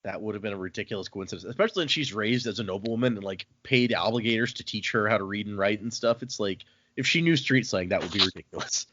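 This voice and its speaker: A man co-hosting a book-club podcast, recapping chapters with animated, exasperated asides. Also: fairly low pitch, fast, few pauses, no echo, highs cut off. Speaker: podcast co-host. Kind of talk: casual book-club chat.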